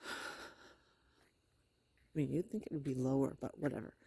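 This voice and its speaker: Middle-aged woman vlogger, hoarse and husky, halting delivery with many fillers, dark gravelly tone. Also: a bass voice, steady tone. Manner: hesitant, rambling, many fillers. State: hoarse, sore throat. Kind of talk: casual personal video diary.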